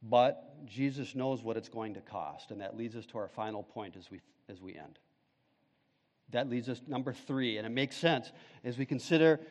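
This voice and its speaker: A man preaching a sermon, swinging between loud, fervent peaks and hushed, slow passages. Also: mid-range voice. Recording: long hall reverb.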